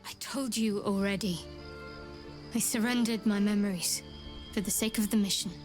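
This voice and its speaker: An actress voicing a secretive young female cleric in a video game, speaking in a guarded, wry and measured way. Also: medium pitch, fairly even intonation, a little mellow, faint music behind, natural voice.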